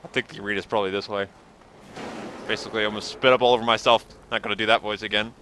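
A man's voice: fairly low pitch, fairly even intonation, very fast, fairly bright tone, a little hiss or hum. A man rambling sarcastically and joking while commenting on his gameplay. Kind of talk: let's play commentary.

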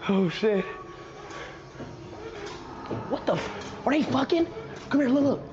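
A young man live-streaming through a haunted house, loud and panicky, swearing and yelling as he goes. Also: very high voice, lively intonation, slow pace. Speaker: livestreamer. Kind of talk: frantic live-stream reactions. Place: indoor haunted house attraction. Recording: dull lo-fi stream audio, noisy.

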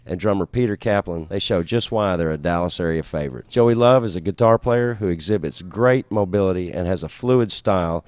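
Lower-voiced man reading a dry ad. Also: fairly quick, hardly any pauses, darkish tone, no echo. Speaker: ad announcer. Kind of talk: scripted promotional voice-over.

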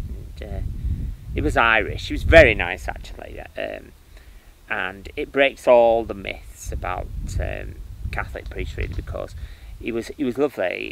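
A man who works as a spiritual medium, telling his life story in an interview with lively starts and restarts. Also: lowish voice, vocal fry, a little hiss or hum, low-quality recording. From United Kingdom. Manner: animated storytelling with many restarts and fillers.

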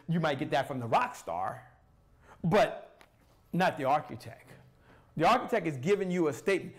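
High-voiced energetic male sales coach. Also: measured pace. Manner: energetic, preachy, talks straight to the viewer with rhetorical questions. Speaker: sales coach and show host. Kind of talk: solo motivational sales talk to camera.

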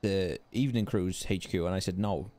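Calm Irish man, lowish voice. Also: normal speed, no room sound. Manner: calm, reasoning. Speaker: streamer playing a crew leader. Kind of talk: GTA role-play voice chat.

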